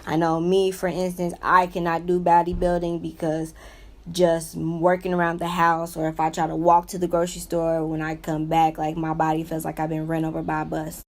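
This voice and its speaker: A woman's voice: sits low, completely flat delivery, moderate pace. A young woman talking earnestly about her own life in a rambling personal vlog, full of "you know" and "like". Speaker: vlogger sharing her own illness. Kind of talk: unscripted personal vlog talk.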